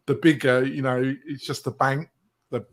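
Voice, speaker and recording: A man's voice: medium pitch, little pitch movement, normal speed. A man hosting a round-table show who rambles through his points and jokes with the panel. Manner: rambling, jokey, laughs between points. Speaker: show host.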